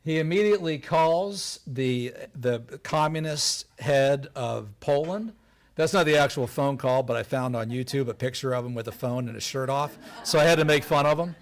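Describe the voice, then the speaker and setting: A man giving a lively storytelling talk on history before an audience, acting out the voices of the people he quotes. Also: mid-range voice, normal speed. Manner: animated, acts out quoted voices. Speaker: lecturer. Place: event hall before an audience.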